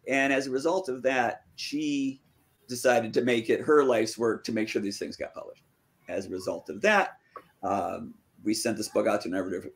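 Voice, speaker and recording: A man in a relaxed interview, spinning a long anecdote in a casual, conversational way. His voice sits at an ordinary middle pitch but leaps up when he acts out what people said. He is a fantasy author talking about his own work. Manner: lively, acts out quoted dialogue with pitch jumps. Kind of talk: casual storytelling.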